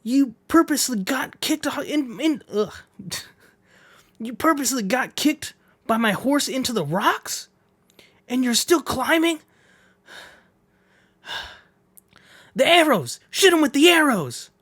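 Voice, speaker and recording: An angry tribal warrior, played by a man reading a manga aloud, yelling in a high, strained voice. He shouts orders and accusations in alarm, raised well above the reader's own pitch, close and dry. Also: very animated, takes it slowly, pauses often, no echo, heavily acted. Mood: frantic. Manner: shouting, frantic. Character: angry male tribal warrior chasing a runaway.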